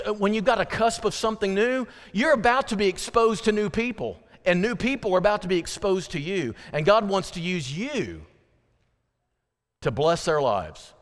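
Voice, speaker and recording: High-voiced male preacher in a reverberant church. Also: fairly bright tone. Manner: emphatic, repeats key phrases, slows down for stress; folksy asides and direct address to the congregation. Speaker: pastor. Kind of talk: sermon. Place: church sanctuary. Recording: long reverb from a church hall.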